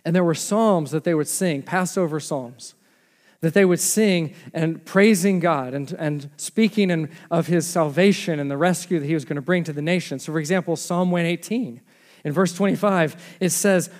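A man in his thirties, a pastor giving a lively, conversational sermon full of rhetorical questions. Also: sits high, moderate pace. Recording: reverberant hall sound.

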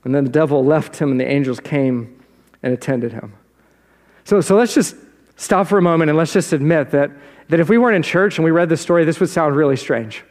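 Pastor guy w a high voice, chatty sermon style, lots of right? and don't we?, big echoey church hall. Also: a little fast, darkish tone. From South Jersey. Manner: conversational preaching with rhetorical questions. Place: church sanctuary.

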